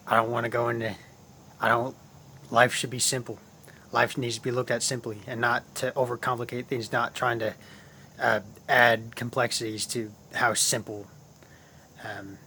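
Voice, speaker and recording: On his own channel, a man talks casually and at length about spiritual ideas, repeating phrases and calling his viewers guys. His medium-pitched voice has a sharp tone, with a little hiss or hum.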